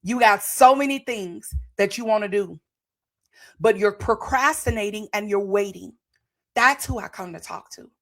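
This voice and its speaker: A woman's voice: medium pitch, moderate pace, a bit bright. A woman in her forties hosts a podcast, giving a fervent motivational testimony to viewers in a preacher-like way and repeating phrases for emphasis. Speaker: podcast host.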